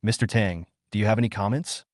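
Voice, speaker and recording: A man voicing a calm, self-assured young man in a comic story. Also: fairly low pitch, fast talker, no room sound, clean studio sound, close to an everyday voice.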